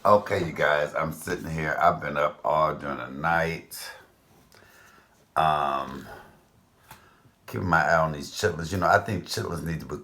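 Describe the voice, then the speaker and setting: A man's voice: rumbling low, measured pace, long pauses, pushed and bright. A man in his fifties hosting a casual cooking vlog, chatting to viewers with rambling asides. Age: 50s. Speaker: cooking channel host.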